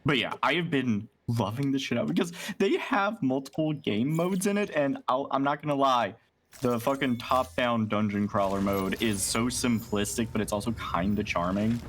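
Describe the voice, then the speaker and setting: A man hosting a casual gaming stream, talking in an animated, rambling, profane way. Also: mid-range voice, moderate pace, a little hiss or hum. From United States. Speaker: streamer host.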